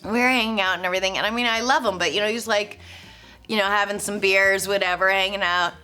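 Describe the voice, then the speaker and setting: Guest, woman in her 40s, bright lively tone, rambling self-deprecating chat. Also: medium pitch, fast, smooth, soft background music. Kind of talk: casual chat.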